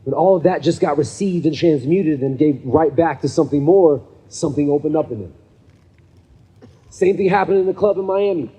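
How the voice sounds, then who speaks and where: A fairly high, husky man's voice, mellow in tone, telling stories to an audience at a gathering. He talks casually, often checks in with "right?" and plays out each person in his stories. The sound carries a long hall reverb. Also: moderate pace. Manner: conversational, checks in with 'right?' often; acts out the people in his stories. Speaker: speaker at a men's gathering. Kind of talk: storytelling motivational talk. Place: event venue with a live audience.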